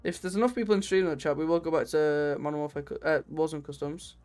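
A man with a Scottish accent hosting game lobbies on a live stream, chatting casually in a laid-back way that trails off quietly. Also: fairly high pitch, steady tone, quick pace, soft background music. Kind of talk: casual gaming banter.

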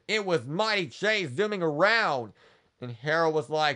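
With a fairly high, animated voice that sounds pushed and bright, a man narrates a cartoon story for kids on his channel. He moves haltingly from event to event, leaning on "and then."

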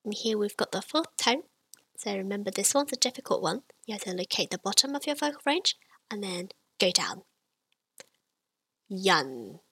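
A woman teaching a beginner language lesson, speaking patiently and clearly while she demonstrates sounds for the listener to repeat. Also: medium pitch, bright, forceful tone, dry recording, rough recording.

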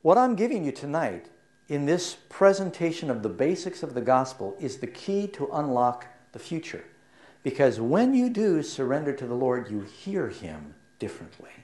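Middle-aged guy preaching, kinda high voice, swoops up and down a lot, asks the crowd stuff. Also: big pitch swings, moderate pace. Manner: storytelling, asks the audience questions, drops soft for sad parts. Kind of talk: sermon.

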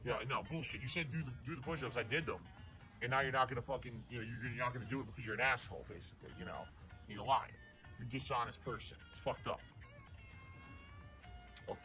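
A man's voice: medium pitch, quick pace, pushed and bright. A man live-streaming from his home room, ranting bluntly and profanely at a viewer. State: out of breath. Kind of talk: casual live-stream chat. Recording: music playing under the voice.

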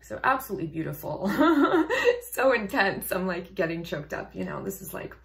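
Low-voiced woman vocal coach. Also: very animated, normal speed, creaky, fairly bright tone. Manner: thoughtful, reads text aloud, laughs often. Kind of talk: casual song reaction commentary.

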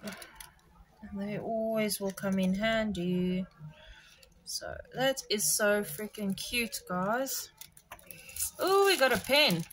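A woman vlogging a craft subscription box unboxing, gushing with excitement and talking straight to her viewers. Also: medium pitch, takes it slowly, long pauses, a little hiss or hum, rough recording. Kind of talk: casual unboxing chat to viewers.

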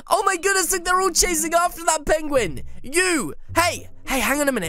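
A woman hosting gameplay commentary, animated and playfully bossy, with teasing insults. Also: extremely high pitch, measured pace. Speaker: YouTube gameplay host. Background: faint music.

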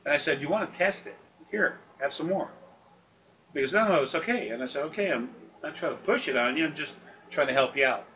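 On a recorded consultation, a man whose voice sits on the high side spins casual, rambling, profane anecdotes in a brisk, bright, forceful tone. Frequent laughter and impressions of the people he quotes fill the talk. It's captured by a distant mic with faint noise behind it.

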